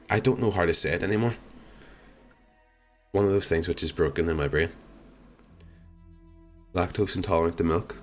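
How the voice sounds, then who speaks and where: A man's voice: low voice, a little fast, long pauses, faint music behind. A young man chatting casually on a live stream, answering viewer comments in a rambling, wry, self-deprecating way. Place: home streaming room.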